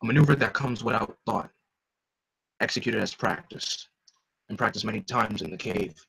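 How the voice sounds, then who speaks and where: A man voicing a grim, focused adult male caped vigilante, reading a comic aloud in a low, measured inner monologue. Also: creaky, a bit bright, slightly rough, full character voice, rough recording.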